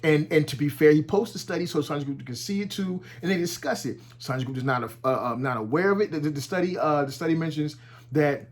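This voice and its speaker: A man talks through a casual commentary from his home, his voice a touch higher than most. He is animated and profane, and often stumbles and restarts his sentences as he goes. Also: a little fast. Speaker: commentary vlogger. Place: at home with his dog nearby.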